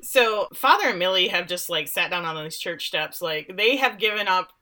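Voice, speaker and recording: A woman's voice: on the low side, lively intonation, normal speed, bright, forceful tone. A woman casually recapping a story on a podcast, acting out the characters' lines as she goes. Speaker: podcast co-host recapping a show. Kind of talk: casual chat.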